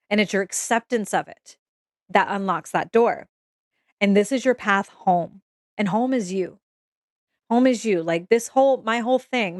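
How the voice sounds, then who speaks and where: Woman, EFT practitioner, candid and emphatic, swears freely, dry close sound, mid-pitched voice. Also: dry recording. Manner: addresses listeners directly, checks in often. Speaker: EFT practitioner giving an intuitive reading. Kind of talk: casual spiritual talk to camera.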